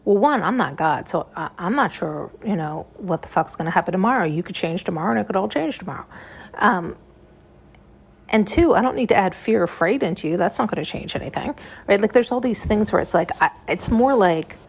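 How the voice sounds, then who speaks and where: A woman's voice: mid-range voice, lively intonation, brisk, vocal fry, breathy edge. A woman hosting a podcast, talking in a rambling, frank and profane monologue. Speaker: podcast host. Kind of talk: casual intuitive monologue.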